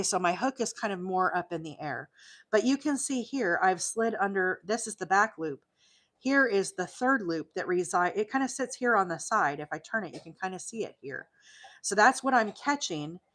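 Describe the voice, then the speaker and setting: A woman's voice: medium pitch, lively intonation, moderate pace, fairly bright tone. A woman from Alabama, hosting a live crochet demonstration, explaining stitches in a chatty way with many fillers, her voice tiring after hours on air. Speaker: crochet livestream host.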